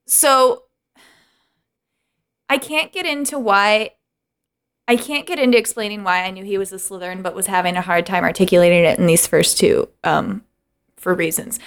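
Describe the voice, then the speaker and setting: A woman's voice: mid-range voice, normal speed, long pauses, clear, resonant tone. A young woman co-hosting a podcast in casual chat, rambling and laughing often as she acts out quotes. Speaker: podcast co-host.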